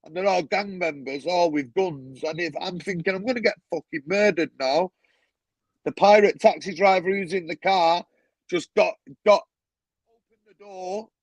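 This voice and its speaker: A man's voice: high-pitched, normal speed, dry recording, rough recording. A man telling stories as a guest on a talk show, blunt and swearing freely, with a lot of "you know what I mean". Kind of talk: casual storytelling.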